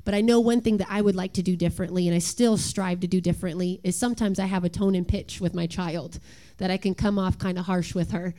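A woman's voice: fairly low pitch, steady tone, fast. A woman in her thirties, a worship leader hosting an earnest, confessional church talk about parenting. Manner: earnest, confessional, with gentle laughs.

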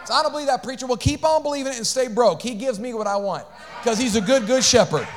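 Pastor, male, very high voice; animated sermon delivery, loud shouted peaks dropping to hushed asides. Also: fast talker, slight background noise. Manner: animated preaching, shifts between shouting and hushed asides, call-outs to congregation.

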